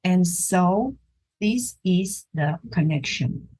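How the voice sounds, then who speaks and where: A woman art instructor giving a drawing demonstration, pausing often to search for words and thinking aloud as she works. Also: fairly low pitch, expressive, mellow, husky, poor audio.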